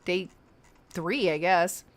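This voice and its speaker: A woman's voice: lowish voice, slow pace. Giggly chatty woman streaming a game. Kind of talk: casual gameplay commentary.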